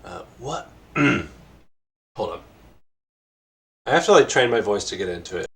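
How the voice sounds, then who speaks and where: A man's voice: lowish voice, lively intonation, fairly bright tone. A man co-hosting a casual stream, asking questions in an easygoing, jokey way. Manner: easygoing, jokey, quick to exclaim. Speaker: podcast co-host and interviewer.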